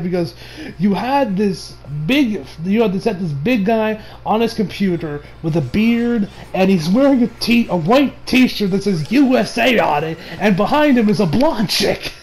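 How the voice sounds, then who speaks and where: A man's voice: sits high, measured pace, a little hiss or hum. A young man from the United States talking casually in an anime review, rambling with lots of fillers and bursts of laughter. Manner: laughs a lot, excitable.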